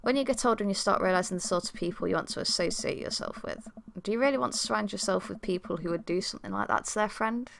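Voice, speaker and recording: A woman voicing a gentle single father who gives earnest, reassuring advice with a goofy streak. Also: medium pitch, vocal fry, slight background noise. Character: gentle, supportive single dad.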